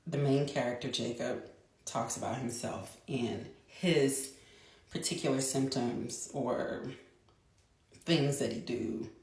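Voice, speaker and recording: Mom vlogger, 30s, deep for a woman, chatty and quick in bursts, roomy sound. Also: a little mellow. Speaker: mother. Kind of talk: casual storytelling vlog. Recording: echoey room.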